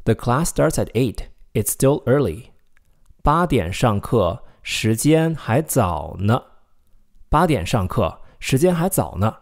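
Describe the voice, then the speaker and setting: A man teaching a recorded video language lesson, slowing down to model example sentences clearly. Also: medium pitch, animated, darkish tone.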